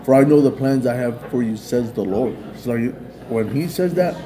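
A man's voice: mid-range voice, lively intonation, moderate pace. A man casually retelling a story in a loose, rambling way, peppered with "man" and "like". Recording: busy crowd chatter behind.

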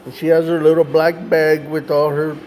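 A man earnestly retelling a story in a conversation, plainspoken and lively in the telling. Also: fairly high pitch, normal speed.

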